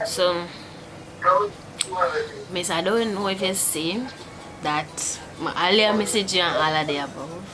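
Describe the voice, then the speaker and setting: A woman's voice: lowish voice, measured pace, pauses often. A woman vlogger pranking a friend on a call, feigning hurt while trying not to laugh. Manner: laughing through fake upset, Caribbean creole turns. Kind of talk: casual prank phone call. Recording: loud background noise.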